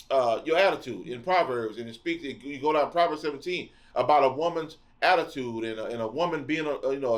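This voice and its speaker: A middle-aged man hosting a podcast, preaching a monologue in a blunt, impassioned and repetitive way. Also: mid-range voice. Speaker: podcast host.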